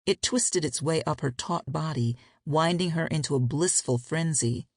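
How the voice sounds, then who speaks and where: A woman narrating a romance audiobook in a steady, intimate storytelling voice. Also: low-pitched, moderate pace, no room sound, studio quality.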